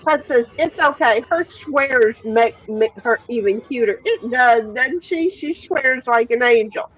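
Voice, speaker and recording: A woman's voice: on the high side, a little slow, fairly bright tone, husky, highs cut off. A woman hosting a casual livestream, reading viewer comments aloud and chatting freely with occasional swearing. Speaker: livestream host.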